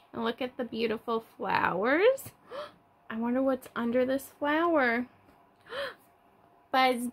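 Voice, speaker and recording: A young woman teaching toddlers, reading a picture book aloud in a slow, sing-song way with gasps of surprise. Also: high-pitched, fairly bright tone.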